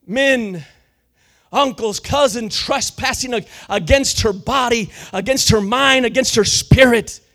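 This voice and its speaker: A man preaching a sermon with fervor, slangy and full of restarts, often building up to shouting. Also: very high-pitched, unhurried.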